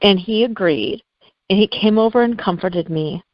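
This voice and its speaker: A middle-aged woman tells a painful story from her own life, earnest and heartfelt, often close to tears. Her voice sits at an everyday pitch. The sound is dry and a little dull, like a remote interview call. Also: normal speed, dry recording. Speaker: guest. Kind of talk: emotional personal storytelling.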